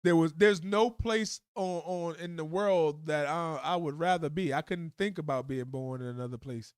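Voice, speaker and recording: A man's voice: fairly high pitch, normal speed, clear, resonant tone, dry recording, clean studio sound. A man hosting a live stream, giving blunt, heated commentary full of swearing. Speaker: livestream host. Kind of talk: profane live commentary rant.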